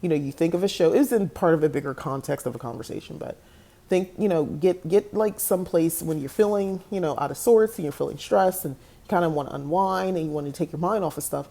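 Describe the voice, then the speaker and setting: A chatty woman talks straight to her viewers in a low, mellow voice. She laughs often and drifts easily into tangents. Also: fast. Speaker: podcast host. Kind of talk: casual talk to camera.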